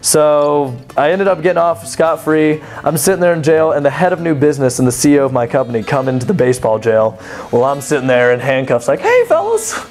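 A young man casually telling a personal story, animated and chatty, full of "like" and laughing at himself. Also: fairly high pitch, fast talker, soft background music. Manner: animated, chatty, many "like" fillers, laughs at his own story.

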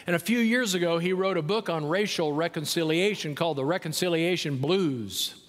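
A male pastor preaching a sermon, telling a story and swinging from soft, slow passages to emphatic ones. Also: a little high. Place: large church sanctuary. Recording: church sanctuary with long reverb.

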